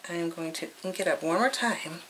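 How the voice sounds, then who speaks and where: A woman with a bright, fairly low voice walks viewers through a craft project at an easy, chatty pace. She thinks aloud as she works and stays cheerful throughout. A faint hiss of noise sits behind her voice. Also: moderate pace, poor audio. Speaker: craft tutorial host. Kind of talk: casual craft demonstration.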